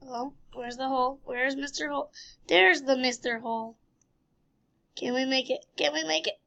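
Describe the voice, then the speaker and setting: A woman's voice: high-pitched, moderate pace, gravelly, pushed and bright. A woman giving silly, rambling gameplay commentary, full of sound effects and goofy asides.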